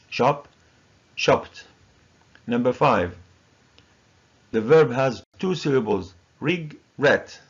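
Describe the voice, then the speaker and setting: A male English teacher with a Moroccan accent walks through verb forms one word at a time, slow and deliberate. His voice is husky with a gravelly edge. The recording sounds dull and lo-fi. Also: medium pitch. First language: Moroccan Arabic. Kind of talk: recorded grammar lesson.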